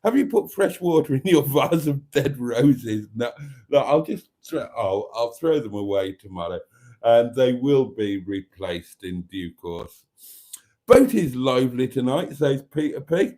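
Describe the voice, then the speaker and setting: A man's voice: mid-range voice, lively intonation, a little slow, dark tone. A man hosting a live stream, chatting casually as he reads out viewer comments in a camp, teasing way with frequent laughs.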